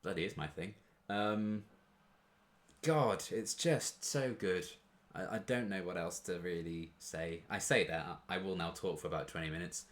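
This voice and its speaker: Deep-voiced man gushing casually. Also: steady tone, moderate pace, few pauses, fairly bright tone. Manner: gushing, rambling, chatty. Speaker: reaction video host. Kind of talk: casual reaction commentary.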